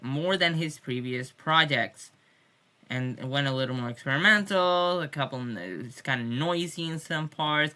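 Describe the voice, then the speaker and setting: Bright-voiced woman rambling about music. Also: very deep voice. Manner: rambling, irreverent, swears jokingly; many restarts and fillers. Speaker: music fan. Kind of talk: casual video diary rant.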